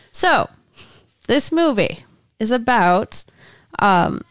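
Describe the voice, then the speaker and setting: Lively-voiced teasing woman co-host. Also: fairly high pitch, drawn-out words, no room sound, studio quality. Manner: teasing, tries to steer the talk back to the movie. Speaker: podcast co-host. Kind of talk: casual movie-review banter.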